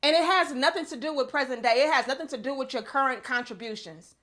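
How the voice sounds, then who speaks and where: High bright-voiced woman, blunt and fired-up. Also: quick pace. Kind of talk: heated casual chat.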